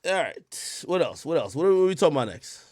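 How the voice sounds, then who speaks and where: A man's voice: on the high side, sing-song, brisk, a little mellow, no room sound, clean studio sound. A young man hosting a livestream, ranting casually and heatedly, full of profanity and rhetorical questions. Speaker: livestream host.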